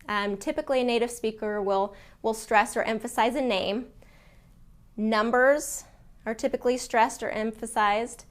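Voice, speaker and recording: A woman teaching English to learners in a casual video lesson, explaining clearly with some fillers and restarts. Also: medium pitch.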